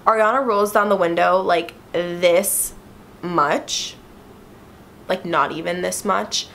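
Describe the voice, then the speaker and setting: A young woman chatting casually to her viewers, full of "like" fillers and animated retellings. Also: fairly low pitch, slow, vocal fry, a little hiss or hum. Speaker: vlogger. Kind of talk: casual storytime chat to camera.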